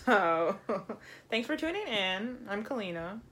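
A woman's voice: medium pitch, very animated, a little slow, fairly bright tone. A young woman from Florida co-hosting a podcast, dry and self-mocking, laughing often in casual chat. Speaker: podcast co-host. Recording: faint background noise.

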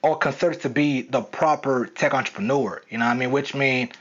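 This solo podcast host is a young man with a Southern accent and a mid-range, fairly bright voice, speaking a little fast. Unscripted and casual, he rambles and uses many fillers, captured in dull lo-fi audio.

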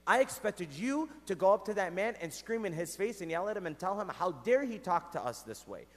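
Indignant young son voiced by a priest, heated, complaining, echoey hall. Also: male voice, high-pitched, big pitch swings, a little fast.

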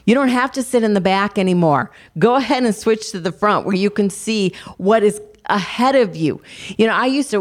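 An older woman co-hosting a faith talk show, earnestly encouraging listeners with family stories. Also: medium pitch. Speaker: co-host of a Christian talk show. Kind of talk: devotional encouragement.

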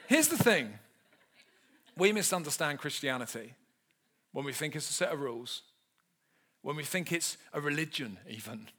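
A male preacher in his thirties, delivering a humorous sermon. His voice sits high for a man and swings widely in pitch. He tells animated, self-mocking stories. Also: a little fast, breathy edge.

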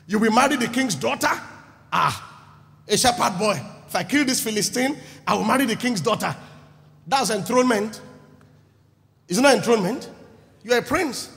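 A male preacher with a high, lively voice that swings up and down as he acts out crowd scenes and questions his listeners. His voice carries a long reverb from a church hall. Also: moderate pace, creaky, long pauses. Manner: animated, acts out the crowd and asks the congregation questions. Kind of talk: sermon.

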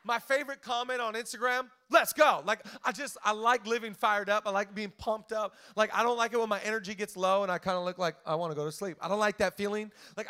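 A young man preaching an energetic, joking sermon to a church crowd, talking fast with lots of "like" and restarts. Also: sits high. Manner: hyped, quick, lots of "like" and restarts. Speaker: guest preacher.

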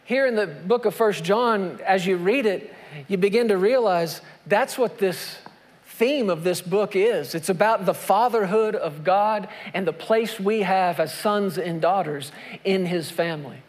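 A man's voice: high voice, a little slow. A man preaching a sermon as pastor, repeating key phrases with emphasis and reading scripture aloud. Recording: long reverb of a large hall.

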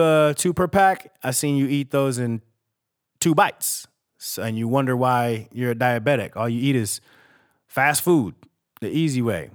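A man hosting a podcast, talking in a candid, rambling, emotional monologue and swearing freely. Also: medium pitch. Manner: emotional and reflective. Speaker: podcast host. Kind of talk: casual spoken monologue.

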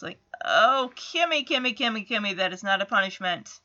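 A woman's voice: mid-range voice, lively intonation, moderate pace, hardly any pauses, bright, forceful tone, muffled recording. A woman chatting through a casual episode recap, with amused asides.

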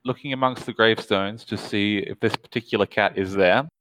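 Male game master, low and smooth, dry close sound, measured narration. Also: a bit bright, dry recording, poor audio. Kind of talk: narrating a tabletop horror game.

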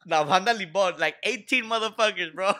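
Young guy rambling thru a story w lots of swearing and "like", bright sharp voice. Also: high voice, a little fast. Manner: slangy, profane storytelling with many fillers. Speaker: podcast co-host. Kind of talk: casual chat.

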